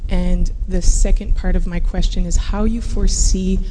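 A woman's voice: lowish voice, steady tone, normal speed. A young woman from Canada asking a careful question from the floor at a lecture. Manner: careful, hesitant phrasing. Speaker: audience member asking a question. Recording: hall mic with reverb and faint noise.

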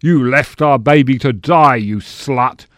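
A man's voice: mid-range voice, slow, pitched above the performer's own voice. A man voicing a bellowing, brutish male stage actor raging through a melodrama scene, in a storybook reading. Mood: enraged. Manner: loud ranting.

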